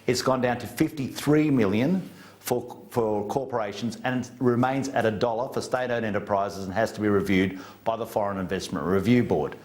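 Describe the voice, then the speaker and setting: A man's voice: fairly low pitch, moderate pace, a little mellow. An Australian man, a minister, answering interview questions in a blunt, folksy, plain-spoken way. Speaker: government minister as interview guest. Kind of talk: interview down a remote studio link.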